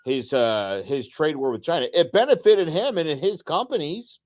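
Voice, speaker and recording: A man's voice: fairly high pitch, animated, normal speed, darkish tone. A middle-aged man co-hosting a podcast, speaking bluntly with a sarcastic edge. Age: 40s to 50s. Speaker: podcast co-host. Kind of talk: casual chat.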